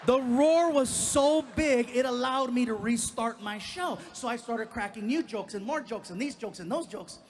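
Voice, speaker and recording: Male stand-up comic, very high voice, animated storytelling, live stage, faint background noise. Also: normal speed, hardly any pauses. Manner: animated storyteller who acts out other voices. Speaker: stand-up comedian.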